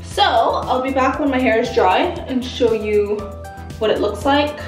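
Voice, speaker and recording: Young woman vlogger, bright bouncy delivery, a bit high, set back from the mic in a roomy space. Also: a little slow, distant mic. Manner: bubbly, gushing exclamations. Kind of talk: casual vlog chat. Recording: roomy, off-mic, music behind.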